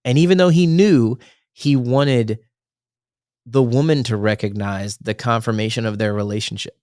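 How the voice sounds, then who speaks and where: A man co-hosts a faith podcast, his mid-range, slightly mellow voice moving at a moderate pace. He talks earnestly but rambles, correcting himself along the way, in a casual chat. The recording is dry and studio quality.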